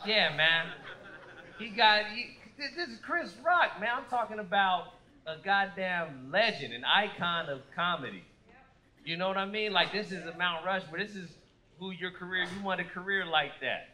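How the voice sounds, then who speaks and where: Playing to a live crowd from a comedy stage, this high-voiced comedian in his thirties delivers an animated, profane stand-up routine, acting out the voices he quotes. Audience noise fills the roomy live venue.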